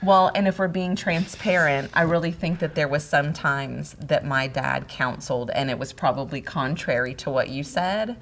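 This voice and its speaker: A middle-aged woman co-hosting a casual talk on marriage, telling stories in an animated way and laughing often. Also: low voice, moderate pace, few pauses. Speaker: podcast co-host, wife. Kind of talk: casual conversation about marriage.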